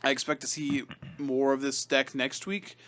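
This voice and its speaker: This podcast co-host has a mid-range, slightly bright voice with a level tone and moderate pace. He chats casually about a card game, talking things over with lots of fillers and restarts.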